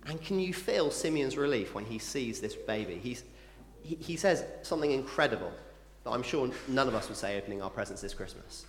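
A man giving a family Christmas sermon, animated and playful, talking to children with quick asides. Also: mid-range voice, a little hiss or hum. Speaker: preacher. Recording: echoey hall with long reverb.

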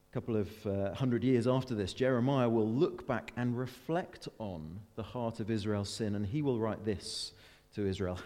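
Earnest preacher in a reverberant hall. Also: male voice, on the low side, mellow. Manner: earnest, with rising emphatic peaks and slowed, weighty readings; chatty, self-deprecating asides. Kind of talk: sermon.

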